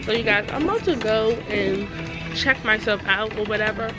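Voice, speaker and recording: A woman's voice: medium pitch, normal speed, loud music behind the voice. A woman in her twenties, chatting casually to her camera as a vlogger, full of fillers and asides to viewers, first in a store and then in her bedroom. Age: 20s. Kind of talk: casual vlog chat to camera. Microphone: camera held or set up by herself.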